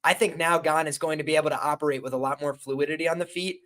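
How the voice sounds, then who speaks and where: A man's voice: a little high, fairly even intonation, fast, fairly bright tone. A man appearing as a guest analyst, giving confident, upbeat fight analysis in a casual chat.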